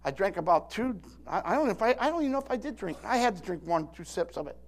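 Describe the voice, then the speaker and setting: A man's voice: high voice, big pitch swings, quick pace. A man in his sixties preaching a sermon as pastor, emphatic, with call-and-response asides and many repeated, restarted words.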